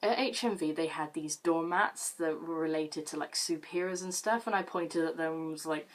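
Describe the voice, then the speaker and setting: A teenage girl chatting to her camera in a relaxed vlog, voice sitting a little on the lower side. She tells stories about her own blunders with a self-mocking grin in her words and drops swear words without a second thought. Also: normal speed. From Britain. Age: late teens. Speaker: vlogger. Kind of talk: casual storytelling to camera.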